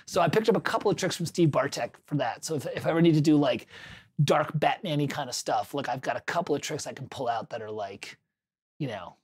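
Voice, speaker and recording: A man's voice: a little high, quick pace, darkish tone, slightly rough. A man hosting a livestream, chatting casually, telling a rambling anecdote with self-corrections and answering viewers' chat.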